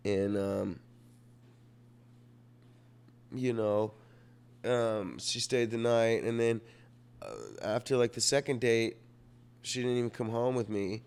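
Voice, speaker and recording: A man's voice: medium pitch, fairly even intonation, unhurried, darkish tone, smooth. A young man telling a rambling personal story in a vlog, profane and self-mocking, full of fillers, and sick. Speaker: vlogger.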